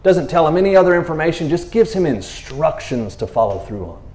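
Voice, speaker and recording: A man delivers a casual, rambling sermon in a roomy, echoing space, chatting away and repeatedly asking "you know what I mean." His fairly high, darkish voice swings widely in pitch at a fairly quick pace.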